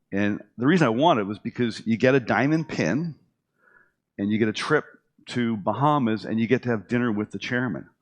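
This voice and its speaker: A middle-aged man with a lowish voice, its highs cut off, tells a story about himself in a casual manner. He's animated, restarts often, fills gaps with ums and the like, and dramatizes what others said to him.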